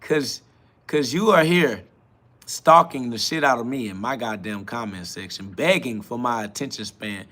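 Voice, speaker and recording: A man's voice: mid-range voice, normal speed, pushed and bright. A man hosting a live-stream podcast, reading out chat comments and answering them in a confrontational, profane, mocking way. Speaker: livestream podcast host.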